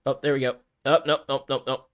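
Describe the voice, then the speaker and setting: A man's voice: mid-range voice, little pitch movement, fast, lo-fi sound. A man streaming a story game live, chatting to viewers and reading the narration aloud, flustered and prone to repeating himself. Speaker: streamer playing a visual novel.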